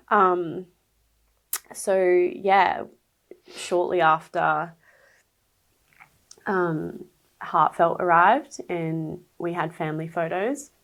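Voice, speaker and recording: A woman's voice: lowish voice, extremely slow, pauses often, fairly bright tone, rough recording. A young woman guest on a podcast telling her birth story, candid and emotional, full of fillers and quoted speech. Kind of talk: personal storytelling in an interview.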